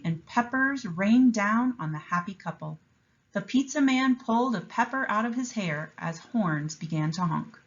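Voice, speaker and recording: A woman teacher reading a picture book aloud with an expressive, enthusiastic delivery and explaining a writing lesson to young students. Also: mid-range voice, moderate pace, dull audio.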